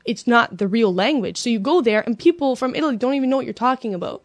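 A woman's voice: fairly high pitch, animated, fast, no room sound. Casual woman storyteller from Canada, chatty, giggly, filler-heavy, dry close sound. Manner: chatty, laughs often, many "like"s and fillers.

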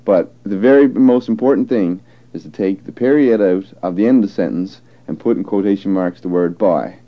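A man's voice: lowish voice, fairly quick, dull audio. A man from Newfoundland with a Newfoundland accent, chatting casually, rambling and correcting himself, often chuckling. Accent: Newfoundland English. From Newfoundland, Canada. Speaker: dialect archive interviewee. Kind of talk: casual chat.

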